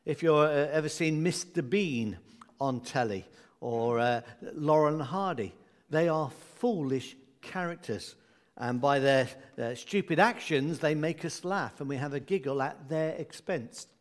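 A man's voice: fairly high pitch, unhurried. A man preaching a sermon in a conversational, humorous way, with asides and jokes for his congregation.

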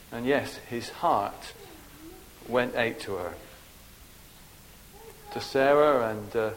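Older English minister, male, mid-pitched, very slow and consoling funeral sermon delivery. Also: slight background noise, poor audio. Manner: slow, gentle, deliberate preaching with soft drops in volume.

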